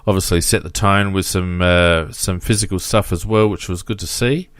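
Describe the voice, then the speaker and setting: A man's voice: low-pitched, steady tone, moderate pace, no room sound. A man co-hosting a casual football podcast, reading out stats with frequent fillers. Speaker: podcast co-host.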